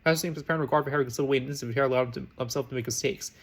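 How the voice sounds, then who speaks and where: A man reading fan fiction aloud as a narrator, rushing along with frequent slips and restarts. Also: mid-range voice, fairly even intonation, husky. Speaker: reader.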